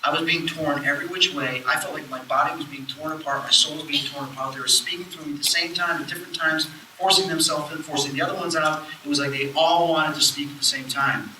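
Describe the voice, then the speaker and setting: A man lectures to a live audience, lively and storytelling, slipping into the voices of the people he quotes. His voice is bright and sharp, and a little high for a man. The recording is roomy and distant, with a faint hiss under it. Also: fast talker, hardly any pauses. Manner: animated storyteller who acts out quoted voices. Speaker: lecturer on spirits and the afterlife. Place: lecture hall at a public event.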